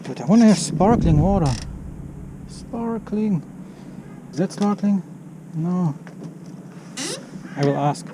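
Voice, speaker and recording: Young male travel vlogger, high voice, casual joking narration on an action cam, faint street noise. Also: lively intonation, slow pace, long pauses. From Germany. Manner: joking, chatty, exclaims at sights. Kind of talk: casual walking vlog narration. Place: outdoors in a city park. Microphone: action camera mic.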